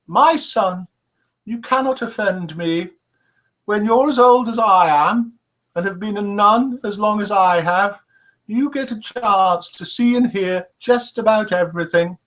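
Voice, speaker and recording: A man doing a prim old nun in a high voice. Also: measured pace, a bit bright. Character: old woman, a cheeky nun.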